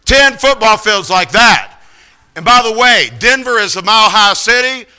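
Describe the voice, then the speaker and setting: A middle-aged man preaching, telling a story with lively acted-out voices of the people in it. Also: sits high, moderate pace, clear, resonant tone. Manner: animated, acts out voices of others in the story. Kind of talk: sermon storytelling.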